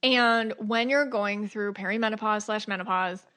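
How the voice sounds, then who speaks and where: A woman's voice: mid-range voice, moderate pace, bright, forceful tone. A middle-aged woman hosting a podcast, talking casually and chattily, full of "like" and "you know", acting out her own inner questions. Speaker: podcast host. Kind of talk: casual spiritual podcast monologue.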